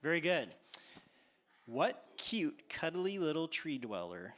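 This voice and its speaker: A man hosting a playful animal quiz for children on a church stage, teasing and drawing out his questions. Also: a little high. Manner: animated, teasing, exaggerated pauses. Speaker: quiz host at a church kids' event.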